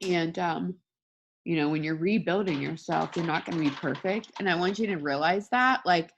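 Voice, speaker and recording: A woman's voice: fairly low pitch, moderate pace, lo-fi sound, a little hiss or hum. A woman, probably in her thirties, giving a blunt, emotional motivational talk over a video call, crying as she swears and pleads with her listeners. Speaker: motivational speaker.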